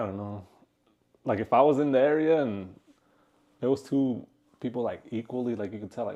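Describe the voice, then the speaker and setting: Laid-back low-voiced guy, casual chat. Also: fairly quick, warm tone. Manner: laid-back, rambling, swears freely. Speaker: podcast co-host.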